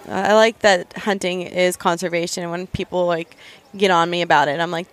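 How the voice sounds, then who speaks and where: A woman's voice: lowish voice, steady tone, normal speed. A young woman, a guest on a podcast, talking casually in an upbeat, chatty way. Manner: chatty, upbeat, laughs often. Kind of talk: casual interview chat.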